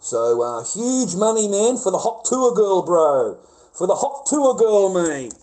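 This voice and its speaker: A high-voiced Australian man rambles through a casual livestream, swearing constantly and bantering loudly with callers. His talk is rowdy and unfiltered. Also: sing-song, a little slow, poor audio.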